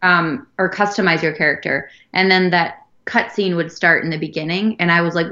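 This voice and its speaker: Giggly woman, low voice, dull sound. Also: steady tone, bright, forceful tone. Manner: giggly, chatty, quick to laugh. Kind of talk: casual chat.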